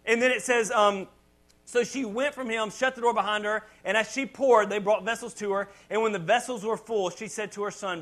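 Preaching in a conversational style, this pastor keeps restarting and repeating words, with dramatic rises whenever he reads scripture. He is male, his voice sits high and a bit bright, and he speaks a little fast in a steady tone.

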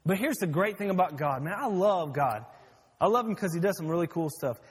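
High-voiced pastor in a reverberant hall. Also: male voice, animated, a little fast, slightly rough. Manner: folksy storytelling. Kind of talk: sermon.

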